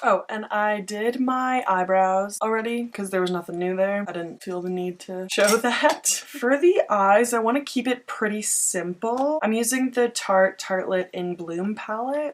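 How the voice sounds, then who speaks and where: A woman's voice: medium pitch, unhurried, few pauses, slight background noise. A young woman talking through a makeup tutorial in a chatty, self-mocking way. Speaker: beauty vlogger.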